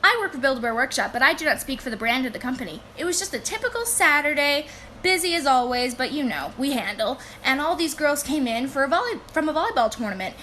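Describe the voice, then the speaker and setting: A woman who works in a toy store, casually telling funny customer stories to camera, animated and laughing as she goes. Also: high-pitched, fast talker, slight background noise. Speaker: retail store employee.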